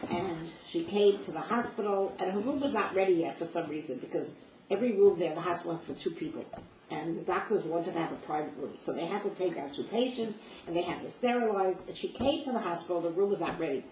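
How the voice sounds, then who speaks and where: A fast-talking older woman with a lowish, slightly mellow voice recounts her past in the first person, emotional and vivid, performing the lines of dialogue. Faint noise and a roomy, distant sound mark the recording.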